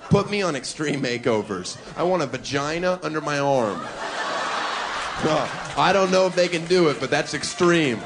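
A man doing a crude, brash stand-up comedy set on a club stage, punching up his lines with shouts. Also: on the high side, animated, normal speed. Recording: live club recording with crowd noise. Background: audience laughter and applause.

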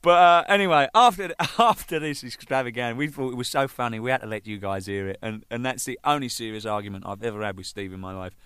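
A man's voice: mid-range voice, fast talker, few pauses, clean tone, no echo. A man, a rock drummer, telling band anecdotes in a casual, swearing, laughing way. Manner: animated, swears freely, laughs mid-story.

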